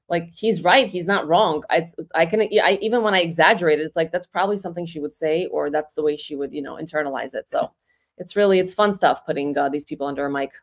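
A woman comedian and impressionist talks casually on a podcast in a lowish voice. She is snarky and self-assured and leans on "you know" and "like." She comes across as easygoing and chatty. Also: quick pace.

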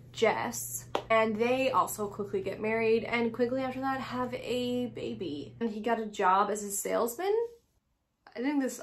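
A woman's voice: on the high side, a little hiss or hum. A woman host telling a true crime story in a casual, comedic way, full of crude sarcastic asides.

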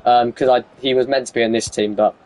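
A young man live-streaming a football video game, bantering with teammates over voice chat and shouting at the plays. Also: medium pitch, steady tone, fast talker, a little hiss or hum.

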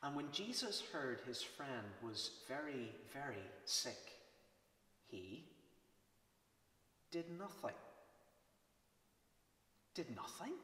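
A man with a Northern Irish accent reading a children's Bible storybook aloud, slow and expressive with dramatic pauses. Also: fairly high pitch. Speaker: church reader. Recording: roomy, reverberant, from a distance.

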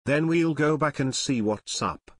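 A man reading an audiobook, voicing a calm, level-headed teenage boy detective who explains things in a low, even voice. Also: unhurried, no echo, studio quality. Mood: hushed. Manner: level, explaining, sometimes hushed.

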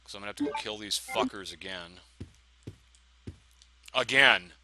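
A man's voice: low voice, steady tone, fast talker, low-quality recording. A man commentating his own video game play, swearing and ranting in frustration at the enemies. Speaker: let's play gamer. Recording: game music clearly behind the voice. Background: game music.

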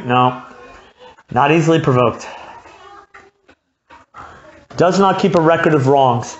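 A woman's voice: deep voice, a little slow, long pauses, highs cut off, slight background noise. A woman preaching a sermon at a church gathering, talking in a conversational way and acting out the voices she quotes.

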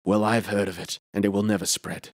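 A man voicing a stern, guarded temple keeper from ancient Britain, with a harsh, gruff and suspicious way of talking. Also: on the low side, flat delivery, brisk, dry recording, studio quality, lightly acted. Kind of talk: audiobook character reading.

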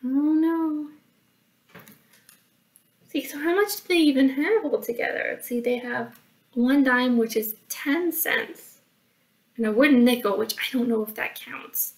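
A woman's voice: high-pitched, normal speed, far from the mic, rough recording. A woman librarian reading a picture book aloud to children, stopping for chatty asides and working out the math with them.

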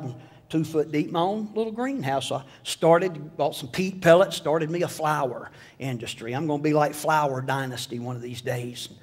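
High-voiced folksy preacher. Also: male voice. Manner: folksy storytelling with jokes and voiced asides. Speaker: pastor. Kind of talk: sermon. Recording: long hall reverb.

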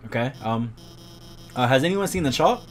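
A man's voice: medium pitch, animated, moderate pace, a little hiss or hum, lightly acted. A man voicing a nervous, shy female lizard schoolteacher in a game, hesitant and full of ums and uhs. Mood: flustered.

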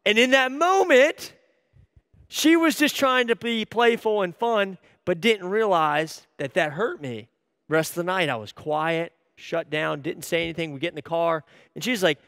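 A man in his thirties giving a sermon as an animated, self-deprecating storyteller. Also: fairly high pitch, moderate pace, no echo, clean studio sound, big-room sound. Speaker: church staff speaker.

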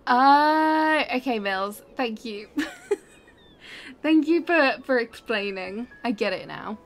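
A woman's voice: a little high, lively intonation, slow pace. Giggly woman streaming a game. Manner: giggly, chatty, talks to chat while playing. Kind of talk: live game stream chat.

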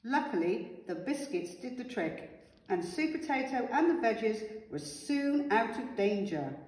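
A woman teacher reading a picture book aloud to her class, with animated, expressive storytelling. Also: a little high, measured pace. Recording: echoey room with long reverb.

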